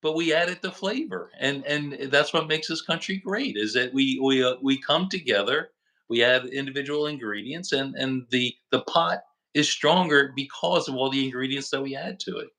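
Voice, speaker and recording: Earnest doctor guest, a man with a bright, forward voice, explaining at mid pitch. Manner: earnest, explanatory, halting with fillers. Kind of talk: casual discussion.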